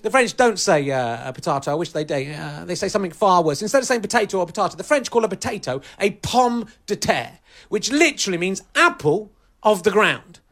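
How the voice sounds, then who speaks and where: A man doing a stand-up comedy set on stage, deadpan and ironic, sometimes working himself up into mock outrage. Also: sits high, fairly quick. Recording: live audience laughter. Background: audience laughing.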